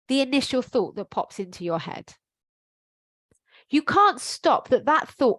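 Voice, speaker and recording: A woman's voice: high-pitched, big pitch swings, a little slow, pauses often, a bit bright, no echo. A middle-aged woman, a life coach, giving a frank, emphatic motivational talk to camera with some casual swearing.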